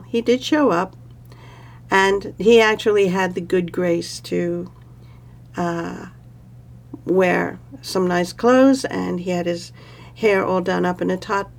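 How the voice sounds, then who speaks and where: A woman storyteller with a gravelly, creaky voice, narrating in an easy, conversational manner. She pauses and says "uh" now and then as she goes. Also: lowish voice. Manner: relaxed, conversational, with fillers. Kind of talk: oral storytelling.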